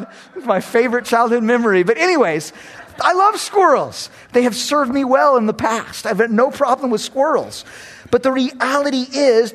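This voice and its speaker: A middle-aged man preaching a sermon as pastor, animated, swinging between loud and hushed, acting out other voices. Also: extremely high pitch. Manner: acts out voices of kids and critics.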